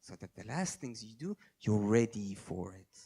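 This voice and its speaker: A man giving a sermon, telling stories and moving between quiet low asides and raised emphatic lines, with Arabic religious phrases mixed in. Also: very animated, moderate pace, gravelly, breathy edge. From Australia. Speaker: speaker at a religious gathering.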